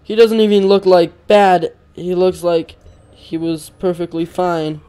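A man's voice: sits high, little pitch movement, a little slow, dark tone, clear, resonant tone. A young man commenting on a horror game as he plays it, often panicking, yelping and repeating himself when scared. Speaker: gamer.

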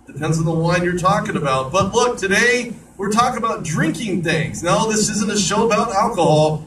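A man's voice: high voice, lively intonation, normal speed, few pauses, a bit bright. Male radio host, chatty monologue, joking asides, set back from the mic, hiss underneath. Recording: distant mic with clear background noise.

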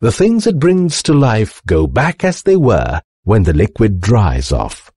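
A man voicing an excitable, absent-minded old male inventor who talks in high, excited exclamations. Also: measured pace, breathy edge, no room sound, clean studio sound, exaggerated voice.

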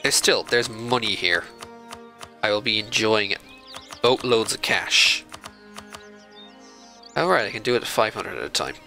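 A man with a fairly low voice and a strikingly sharp, bright tone talks through a strategy game he is playing. He chats casually and scolds the computer opponents in mock outrage. Faint game music plays behind him. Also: expressive, unhurried, gravelly, pauses often, poor audio. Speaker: video game let's-play host. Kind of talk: casual gameplay commentary.

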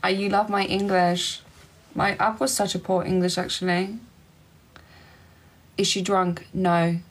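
A young woman from Eastern Europe hosting a casual phone livestream, giggly and chatty, answering comments in quick short replies. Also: mid-range voice, flat delivery, low-quality recording. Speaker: livestream host.

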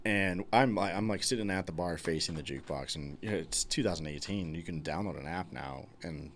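A man's voice: sits low, fairly quick, slight background noise. A man hosting a casual chat over beer, telling stories in a laid-back way and chuckling often. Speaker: podcast host.

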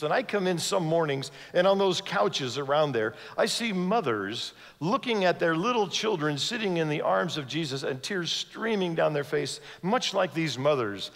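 A man's voice: fairly high pitch, fairly bright tone. A man preaching a sermon as a guest speaker, telling a story and acting out the voices of its people. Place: large church sanctuary. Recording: long hall reverb from a church sanctuary.

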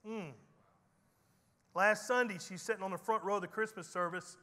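Pastor, high bright voice, folksy joking sermon, big hall reverb. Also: male voice, steady tone, moderate pace. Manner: folksy storytelling preacher with teasing humor. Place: church sanctuary.

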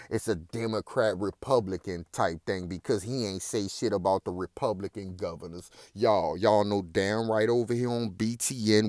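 A man's voice: medium pitch, no room sound, studio quality. A man hosting his own news commentary, reading articles aloud and breaking into heated, profane outbursts while calling his viewers "y'all". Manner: addresses viewers as "y'all" in a colloquial drawl. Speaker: host reacting to news.

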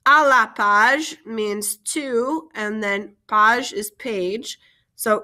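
A woman's voice: mid-range voice, slow, bright, forceful tone. A woman French teacher giving a vocabulary lesson, carefully modeling each French phrase and then explaining it in English.

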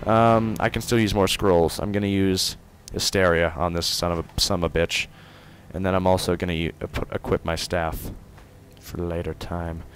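A man doing let's play commentary, swinging from excited yelling and taunts to quiet muttering. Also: deep voice, moderate pace, faint music behind. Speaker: gamer.

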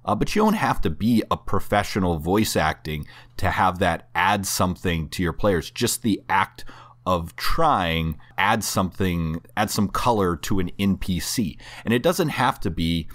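A man with a notably low voice co-hosts a casual podcast chat about tabletop gaming. He talks in an easygoing, conversational way and slips in jokes as he goes. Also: animated, a little slow, a bit bright. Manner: joking, conversational. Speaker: podcast co-host.

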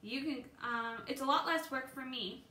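A woman's voice: sits high, normal speed, sharp tone. A woman voicing an easygoing father, offhand and a little hesitant. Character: easygoing father of a young boy. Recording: echoey room.

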